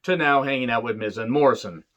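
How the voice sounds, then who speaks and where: A man's voice: mid-range voice, fast, a bit bright. A man who reviews wrestling shows in a casual, sarcastic way, with a lot of swearing and jokes. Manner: sarcastic, joking, rambling. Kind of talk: casual profane commentary.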